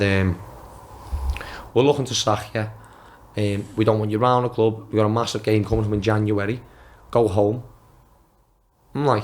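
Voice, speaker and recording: A man in his twenties, a former footballer guest on a podcast, telling casual anecdotes and acting out quotes in a raised voice, swearing freely. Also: lowish voice. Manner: swears freely, talks in restarts. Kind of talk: casual storytelling.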